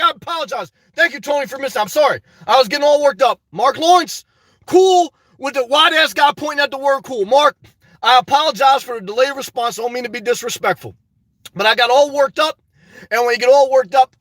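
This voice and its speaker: A man's voice: extremely high pitch, a bit bright, dry recording, far from the mic. A man hosting a livestream, reading the live chat in a chatty way and often tagging on "okay". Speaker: livestream host. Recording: dry sound, voice away from mic.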